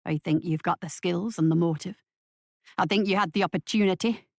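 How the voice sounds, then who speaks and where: A blunt, wary Scottish partner with a sardonic edge, as a woman reader plays him. She drops her voice lower for him. The sound is dry and close. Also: fairly quick, darkish tone, no room sound, natural voice. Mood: accusing.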